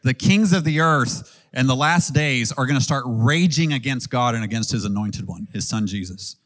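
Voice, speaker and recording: A man's voice: medium pitch, expressive, normal speed, fairly bright tone. Earnest, conversational male preacher. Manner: earnest, conversational preaching with ums and audience questions. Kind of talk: sermon.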